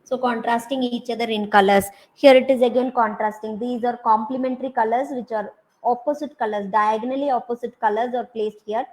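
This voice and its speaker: A woman's voice: on the high side, steady tone, a little fast, a little mellow, rough recording. A woman with an Indian English accent giving a university design lecture, talking through slide examples with many hesitant fillers.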